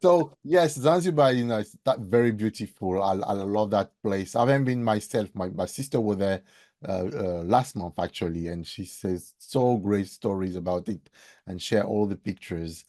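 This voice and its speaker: A man hosting a podcast, asking his guest a question in a halting way, repeating words. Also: fairly low pitch, mellow, dry recording, studio quality. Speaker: podcast host. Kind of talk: interview question.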